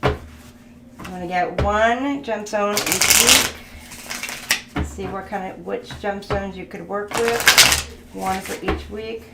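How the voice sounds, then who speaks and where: Woman tarot reader, casual, slow-paced and chatty, recorded in an echoey room. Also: mid-range voice, vocal fry. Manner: chatty, laughs, thinks aloud. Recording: echoey room with background noise.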